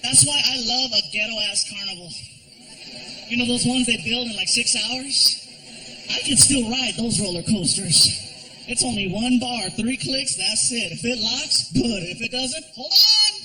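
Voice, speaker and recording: A man performing a stand-up comedy routine, telling stories animatedly, acting out characters and shouting punchlines. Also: very high-pitched, measured pace, poor audio.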